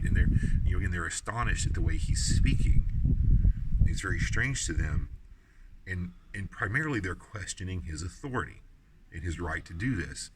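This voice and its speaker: A man's voice: low-pitched, fairly quick, heavy background noise. A man from the United States teaching the Bible on site at outdoor ruins, talking loosely with many fillers and restarts. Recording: distant mic with clear outdoor ambience.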